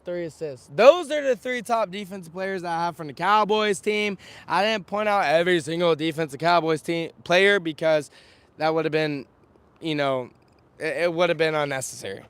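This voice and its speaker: A man's voice: high voice, smooth, no echo. Young man giving an outdoor sports recap. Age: young adult. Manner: energetic, chatty, lists stats. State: slightly scratchy recovering voice. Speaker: sports vlogger. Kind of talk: outdoor live postgame recap. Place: outdoors outside a stadium, windy. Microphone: camera on a stand.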